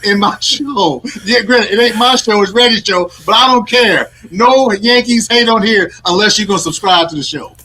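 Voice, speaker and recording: A man with a high, bright voice banters on a sports talk show. He teases and lectures his co-host in a mock-stern way. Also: moderate pace, hardly any pauses, a little hiss or hum. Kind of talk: casual sports chat.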